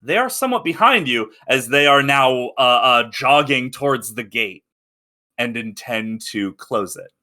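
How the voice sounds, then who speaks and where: Bright-voiced man running a tabletop game. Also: mid-range voice, a little slow. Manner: animated narration with loud shouted guard voices, frequent fillers and laughs. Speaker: game master.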